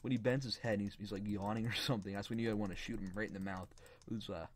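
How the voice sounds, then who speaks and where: A man giving loose, rambling let's-play commentary on a point-and-click game, often laughing and getting excited. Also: fairly low pitch, fast talker, slight background noise. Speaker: gaming YouTuber.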